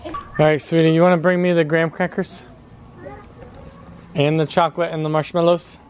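An American man chats easily straight to the camera while grilling outdoors in his backyard for a family vlog. His voice is fairly high with little pitch movement, he talks a little fast, and crowd noise can be heard.

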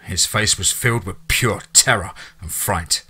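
A man narrating a scripted horror story in a steady storytelling manner. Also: low-pitched, unhurried, husky.

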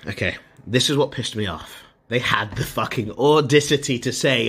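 Bright-voiced man ranting. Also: mid-range voice, moderate pace, vocal fry, breathy edge. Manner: swearing, exasperated, talks to chat. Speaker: streamer. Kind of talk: frustrated live-stream rant. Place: his room, alone. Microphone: mobile phone held to face.

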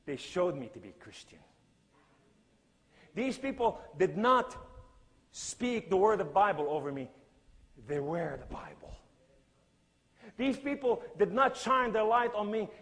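Dramatic man preaching in a hall. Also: high voice. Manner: dramatic storyteller acting out scenes. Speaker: speaker giving testimony. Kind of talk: sermon-style testimony.

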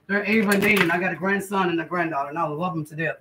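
A woman's voice: fairly low pitch, racing, pushed and bright, poor audio. A middle-aged woman, hosting a casual home cooking vlog in her kitchen and chatting homily with viewers. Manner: chatty, homey, addresses viewers as guys and y'all. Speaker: cooking channel host.

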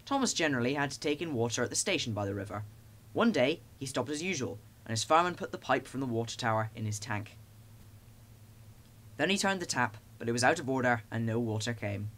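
A man narrating a children's storybook in a lively, expressive way. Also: mid-range voice, fairly quick. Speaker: audiobook narrator.

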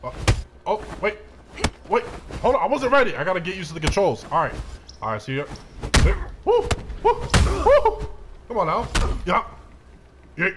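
A man's voice: high-pitched, very animated, a little fast, pauses often, noisy background. A young man giving hyped let's-play commentary, trash-talking and whooping as he plays. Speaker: gameplay commentator.

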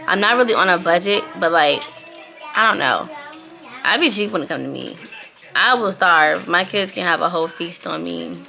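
A woman's voice: lowish voice, normal speed, creaky, sharp tone, soft background music. A young woman vlogging in a casual, chatty way, talking straight to her viewers as a mother.

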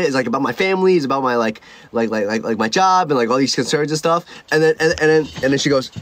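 Young male streamer, slightly high-pitched, loose rambling storyteller who stumbles and repeats himself. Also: a bit bright, dry recording. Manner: rambling, many restarts and repeated words. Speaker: livestreamer. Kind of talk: casual livestream storytelling. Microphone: own streaming mic.

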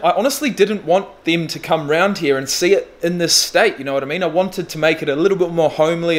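A man of thirty talking bluntly and candidly in a casual video diary, swearing freely. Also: a little high. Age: 30s. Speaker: vlogger. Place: indoors in a furnished flat.

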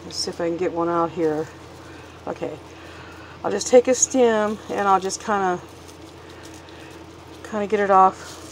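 Speaking a little slowly and pausing often, a woman with a medium-pitched voice shows off her kitchen projects in a home vlog. She films on a handheld phone with one hand, slightly winded and chatty, and the rough recording has a faint hiss or hum.

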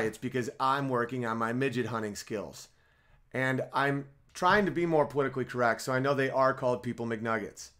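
A man's voice: mid-range voice, a bit bright. A man hosting a podcast livestream in a casual comedic monologue, rambling with stammered restarts and side jokes. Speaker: podcast host.

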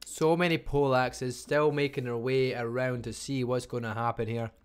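A Scottish man casting a live online strategy game match, talking fast and chattily and barely stopping for breath. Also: mid-range voice, flat delivery, clear, resonant tone. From Scotland. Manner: fast, chatty, talks without pausing. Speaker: game caster. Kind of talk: live esports commentary.

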